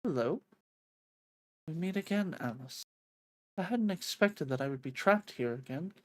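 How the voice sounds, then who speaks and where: A woman voicing a gentle, apologetic queen in a soft, quiet voice. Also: low voice, animated, unhurried, dry recording. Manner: soft, apologetic, lets names trail away.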